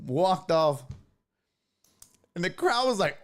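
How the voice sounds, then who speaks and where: A man hosting a podcast, telling a comedic story in a profane, animated way and acting out what he said. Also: high-pitched, normal speed. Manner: profane, animated, acts out his own quotes. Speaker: podcast host.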